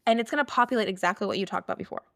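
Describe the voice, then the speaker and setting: A woman hosts a casual solo podcast, chatting away in a mid-range voice that races along with a creaky edge and a fairly bright tone. Her speech is filler-heavy, packed with "like" and frequent "okay?" checks.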